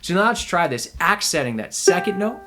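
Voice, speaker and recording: A man's voice: high voice, sing-song, fairly quick, over music. Man teaching ukulele, counting along. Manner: counts in and sings note sounds between explanations. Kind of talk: music lesson with counted-in play-along. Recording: ukulele playing in the background.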